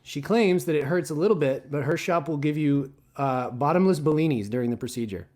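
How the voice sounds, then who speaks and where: A man's voice: fairly high pitch, a little fast, darkish tone. A young man co-hosting a live show, reading fan mail aloud and stumbling over words. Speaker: co-host. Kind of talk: casual live-show banter.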